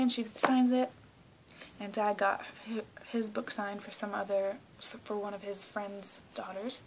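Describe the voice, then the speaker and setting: Brief: young woman from South Carolina, excitable vlogger, filler-heavy, mid-pitched voice with breathy hushed asides. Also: measured pace, a little hiss or hum, rough recording. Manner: excitable, gushing, heavy use of "like". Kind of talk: casual storytelling vlog.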